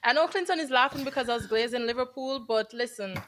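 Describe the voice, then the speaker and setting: A woman's voice: on the high side, quick pace, a bit bright. Playful woman social media presenter. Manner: playful, cheeky. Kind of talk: casual studio banter.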